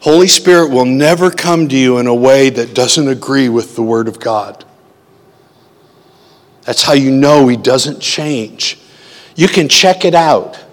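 A man's voice: mid-range voice, unhurried. A man preaching a sermon in a conversational way, often asking his listeners questions. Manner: conversational, asks the audience questions. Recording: long hall reverb.

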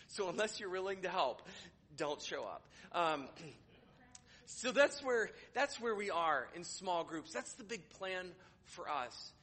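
Pastor, male, sermon delivery: bright forceful tone, a little husky, casual and wry, stops and restarts often. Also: sits high, expressive, slow pace. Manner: conversational with sarcastic humor, hesitant restarts. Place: church.

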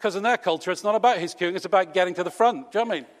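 High-pitched and racing, a British preacher addresses his congregation in a church hall. His tone is chatty and teasing, full of rhetorical questions, and the room's long reverb lingers on every word.

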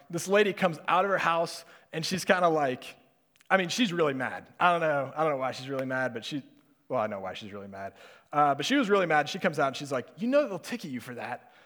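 A young man preaches in a loose, storytelling way, chuckling often and filling pauses with ums and uhs. His voice sits a bit high for a man, and a long reverb trails each phrase as if he is in a big hall. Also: a bit bright. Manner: conversational storytelling, laughing often, many fillers. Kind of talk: sermon with a personal story.

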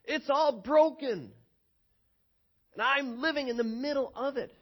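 A man voicing Isaiah, a distressed male prophet: high-pitched and emphatic, recorded lo-fi. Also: measured pace. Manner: anguished and emphatic. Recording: dull lo-fi recording.

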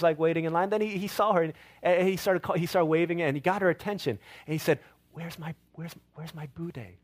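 Middle-aged guy pastor preaching, high voice, tells stories and does little voices for people. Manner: storytelling with quoted voices and playful asides. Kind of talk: sermon.

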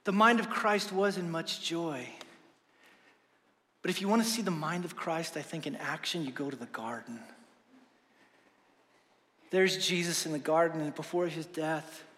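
Socal pastor guy preaching, kinda high voice, goes quiet then fired up, big reverby church hall. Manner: swings from hushed and slow to loud and fervent. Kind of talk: sermon.

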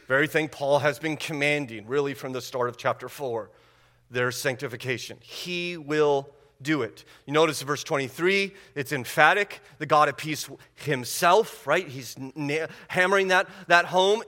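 Bright-voiced male preacher in a hall. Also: on the high side. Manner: emphatic preaching with rising intensity; repeats phrases for emphasis. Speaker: pastor. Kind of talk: sermon.

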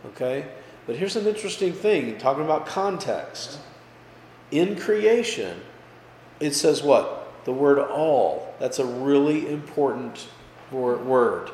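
A pastor's voice at an ordinary mid pitch fills a roomy, echoing hall, with a long reverb tail behind each phrase. He teaches in a casual, chatty way, keeps asking "okay?" and "right?", and punches key words up when he wants them to land. A faint hum of background noise sits under the room. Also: slow pace. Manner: casual, checks in with listeners with frequent "okay?" and "right?"; lively, pushes his voice up for emphasis. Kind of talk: conversational Bible study teaching.

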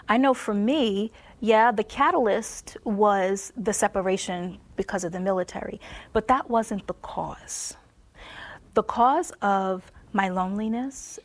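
A woman giving a Christian testimony sermon on marriage. She laughs often and drops to a soft near-whisper for emphasis. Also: mid-range voice.

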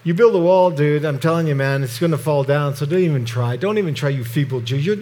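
A scornful ancient enemy jeers at the wall builders in a mocking tone, as a man acts him out while teaching. The voice sits a little high and drips with contempt. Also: fast talker, darkish tone, close to an everyday voice.

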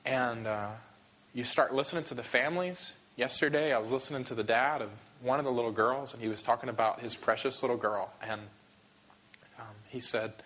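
Emotional pastor with a bright voice. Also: male voice, mid-range voice. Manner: emotional, halting, frequent restarts. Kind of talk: sermon.

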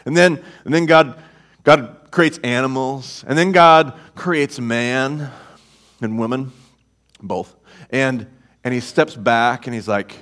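A man preaching a sermon as a guest speaker on a church stage, playful and animated, calling on the congregation to repeat words. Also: medium pitch, slow. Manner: playful, animated, audience call-and-response.

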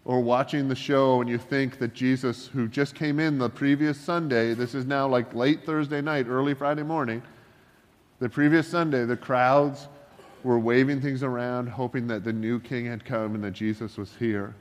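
A man preaching a sermon in a relaxed, joking, conversational way, full of asides and wry humor. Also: mid-range voice, normal speed, long reverb tail. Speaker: pastor.

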